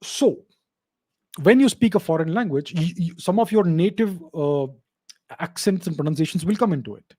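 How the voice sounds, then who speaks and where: A man hosts a solo question-and-answer show, speaking casually but with firm, emphatic certainty. His voice sits somewhat high yet sounds mellow and dark in tone. The recording is dry and close, with no room sound. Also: lively intonation, normal speed, no room sound. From India. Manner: assertive, emphatic, repeats points for stress. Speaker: host answering viewer questions.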